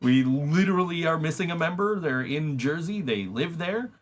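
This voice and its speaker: A man's voice: a little high, animated, normal speed, a little hiss or hum. A man hosting a casual podcast, laughing often and swearing freely, with many restarts as he talks about his band. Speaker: podcast host and band member. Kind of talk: casual chat.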